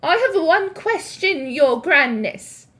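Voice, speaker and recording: A woman's voice: high voice, very animated, takes it slowly, a bit bright, pitched above the performer's own voice, heavily acted. A woman voicing a fawning female witch who politely questions her leader, in a storybook reading. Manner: deferential questioning.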